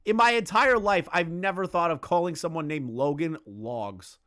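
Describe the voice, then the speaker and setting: A man's voice: on the high side, moderate pace, a bit bright. A man doing casual reaction commentary, sarcastic and mocking, swearing often and restarting with fillers. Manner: filler-heavy, repeats words when restarting. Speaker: commentary YouTuber.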